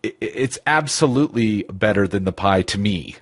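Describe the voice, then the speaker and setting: A man's voice: fairly low pitch, expressive, normal speed, breathy edge. A man co-hosting a podcast in casual chat, rambling and giggly. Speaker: podcast co-host.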